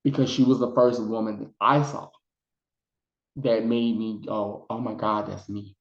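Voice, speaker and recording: A man chatting casually in a video review, retelling scenes with lots of fillers. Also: mid-range voice. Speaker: psychic vlogger reviewing a documentary. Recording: roomy, dull lo-fi sound.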